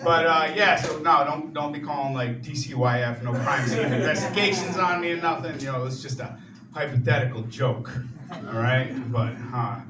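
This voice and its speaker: A young stand-up comic, his voice sitting fairly high as he rants and chats with the room. He is miked from a distance in an echoey comedy club. Roaring crowd laughter fills the background. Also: moderate pace. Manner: chatty, animated rants, frequent "you know".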